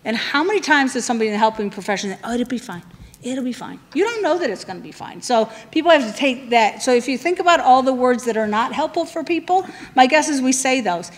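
A woman's voice: sits high, animated, fast, hardly any pauses, big-room sound. A woman leading a training session, talking conversationally and putting questions to the room.

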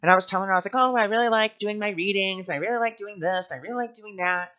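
A man's voice: high voice, fast, pushed and bright, smooth. A man speaking earnestly and candidly in a spiritual teaching monologue. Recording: dull lo-fi sound.

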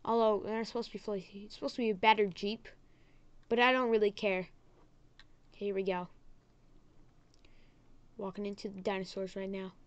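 A woman's voice: medium pitch, little pitch movement, fairly quick, long pauses, clear, resonant tone, muffled recording. A woman hosting her own gaming channel, giving goofy, chatty let's-play commentary at home that swings from muttered whispers to sudden squeals.

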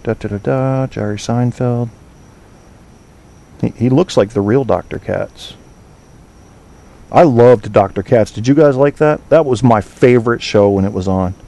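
A man's voice: mid-range voice, a little slow, vocal fry, pauses often, mellow. A man hosting an online talk show, chatting casually with listeners, rambling, swearing and trailing off while he hunts for names. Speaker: podcast host.

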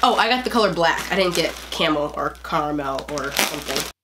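A teenage girl talks through an unboxing in a loose, rambling way, full of fillers. Her voice sits a little low for a girl. A faint hiss runs under the home recording. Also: expressive, a little fast. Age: teens. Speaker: vlogger. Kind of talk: casual unboxing chat.

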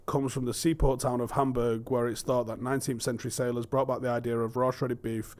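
A man's voice: medium pitch, flat delivery, fairly quick, a little mellow. A man from England co-hosting a casual live-stream chat, laid-back, swearing casually and saying "like" a lot. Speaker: co-host.

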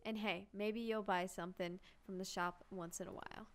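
A woman's voice: medium pitch, fairly even intonation, moderate pace, natural voice. A chatty old male fisherman from a farming game, read aloud by a woman in her everyday voice. He is friendly and sounds easygoing. The lines come out plain and conversational, in a mid-height voice. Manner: plain reading of on-screen dialogue.

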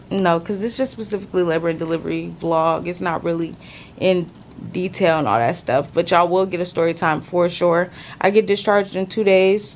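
A young woman talks straight to her viewers from a hospital room, worn out, her words drawn out and loose with slang. A faint hum of noise sits behind her voice. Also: fairly low pitch. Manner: tired, drawn-out casual slang. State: exhausted. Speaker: vlogger. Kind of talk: casual talk to camera.

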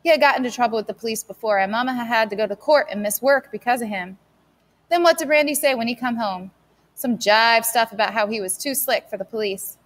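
A woman's voice: fairly high pitch, fast. A woman steadily narrating a novel as an audiobook reader. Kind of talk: scripted narration.

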